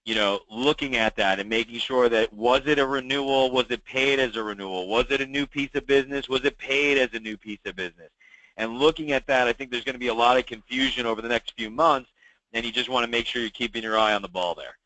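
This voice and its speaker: Male meeting host, mid-pitch, tense bright tone, chatty briefing style that repeats key points. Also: fast talker, no echo, rough recording. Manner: conversational, many fillers, repeats key advice. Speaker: meeting host for insurance agents. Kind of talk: weekly call briefing.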